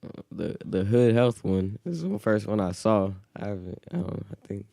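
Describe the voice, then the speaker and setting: A man's voice: lowish voice, big pitch swings, normal speed, gravelly, dark tone, no echo. A young man, the host's son, talking casually as a podcast guest in a hesitant, laid-back way. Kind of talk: casual chat.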